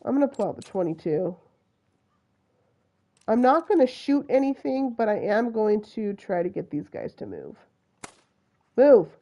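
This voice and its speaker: A woman's voice: a little high, expressive, normal speed, warm tone, muffled recording. A woman from Utah with a Utah accent, chatting through live gameplay commentary and talking to the animals on screen. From Utah, USA. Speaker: game streamer.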